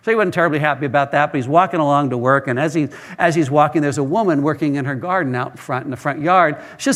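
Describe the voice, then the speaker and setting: A man's voice: on the high side, fast talker, fairly bright tone. A male pastor preaching a sermon, telling stories earnestly and often repeating words as he starts a phrase.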